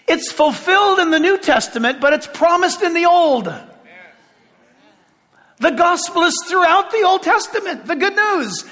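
A man preaching a sermon with passion, shouting at points and making sarcastic asides. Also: very high-pitched, long reverb tail.

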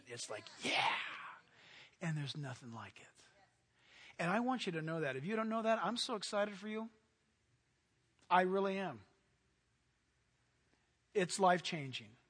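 High, bright-voiced preaching pastor. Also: male voice, in a large hall. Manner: animated preaching, sudden drops to near-quiet asides. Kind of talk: sermon.

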